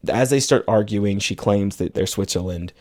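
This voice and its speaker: In a casual film recap, a man co-hosting a podcast retells the plot and occasionally quotes the characters. He uses a fairly low, slightly mellow voice at a moderate pace.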